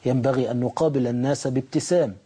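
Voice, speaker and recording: A male host sums up a guest's point for viewers, talking very fast. His voice is dark and husky, and his recap sounds formal. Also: mid-range voice, steady tone. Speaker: TV talk show host. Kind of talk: summarizing for viewers.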